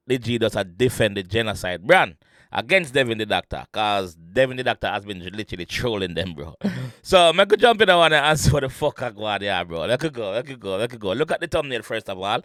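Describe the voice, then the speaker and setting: Brief: Jamaican man, bright tense voice, excitable patois reaction host. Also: medium pitch, dry recording, clean studio sound. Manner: excitable, restates lyrics in patois with many restarts. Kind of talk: casual commentary.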